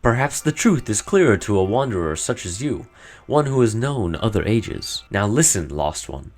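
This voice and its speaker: A solemn, cryptic old woman who guards ancient legends, as a man reads her lines aloud from a game. Her voice sits low but rises and falls with lively inflection. She speaks formally, like someone handing down old words out of duty. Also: normal speed, soft background music. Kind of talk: reading game dialogue aloud in character.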